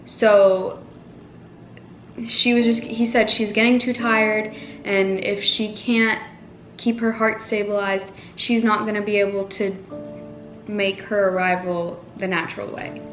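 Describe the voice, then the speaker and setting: A woman's voice: medium pitch, flat delivery, unhurried. A young woman telling a personal story to the camera in a casual, emotional way, full of "like"s and restarts. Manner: emotional, rambling retelling with many "like"s. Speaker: family vlogger. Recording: echoey room with faint music.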